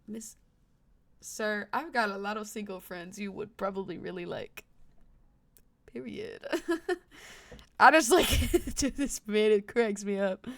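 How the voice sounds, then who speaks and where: A woman's voice: medium pitch, slow, long pauses, fairly bright tone, no echo, clean studio sound. A young woman streaming a game, chatting casually with lots of slang and filler. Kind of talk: casual gameplay commentary.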